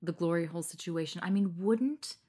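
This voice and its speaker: A woman hosting an intimate podcast interview, asking soft, curious questions and reacting with laughter. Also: fairly low pitch, a little fast, slightly rough. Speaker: podcast host.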